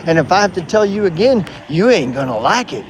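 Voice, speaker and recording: Man doing a loud belligerent bar bully, high barking voice, insulting, drawling threats, traffic noise behind. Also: very animated, a little fast, poor audio. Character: blustering male bar worker, belligerent bully.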